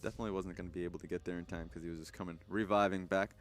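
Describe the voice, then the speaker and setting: A man's voice: sits low, fairly even intonation. A man giving live esports color commentary, analytical and chatty, often voicing what players are thinking. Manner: fast analytical talk with fillers, acts out players' thoughts.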